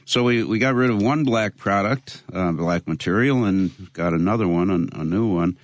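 A man being interviewed, speaking in a measured way with many pauses and fillers. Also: on the low side, dry recording. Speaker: interview guest, local activist. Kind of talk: conversational interview.

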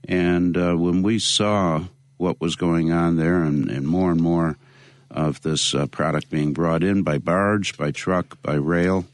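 A man being interviewed, speaking in a measured way with many pauses and fillers. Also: deep voice, steady tone, dry recording. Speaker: interview guest, local activist. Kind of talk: conversational interview.

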